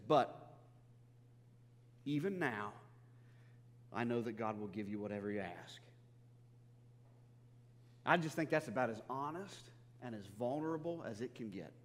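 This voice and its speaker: A man with a fairly high voice preaching in a church, earnest and conversational. He restarts his phrases often and acts out the quotes he tells. His voice carries a long reverb through the hall. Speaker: pastor. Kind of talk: sermon.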